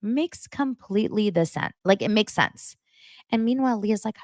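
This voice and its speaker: A woman's voice: mid-range voice, moderate pace, no echo, studio quality. Chatty woman recapping reality TV. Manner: gossipy and animated, acting out quotes in mocking voices. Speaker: podcast host. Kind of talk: casual pop-culture recap chat.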